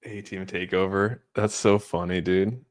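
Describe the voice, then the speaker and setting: Speaking in a low, steady voice at a slightly slow pace, this young crypto livestream host reacts to his chat. He's giddy and amused, laughing frequently and dropping "dude" again and again.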